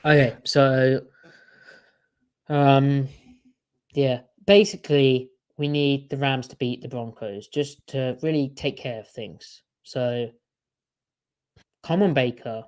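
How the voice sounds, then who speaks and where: A man's voice: medium pitch, steady tone, takes it slowly, long pauses, darkish tone, clean tone. A man co-hosting a livestream sports podcast, chatting in a wry, sarcastic way. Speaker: podcast co-host. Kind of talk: casual livestream sports chat.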